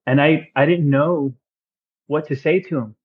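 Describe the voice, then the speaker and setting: A man guest on a podcast, telling a personal faith story in an earnest, excitable way with casual slang. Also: on the high side, unhurried, breathy edge, dull audio. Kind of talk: casual testimony chat.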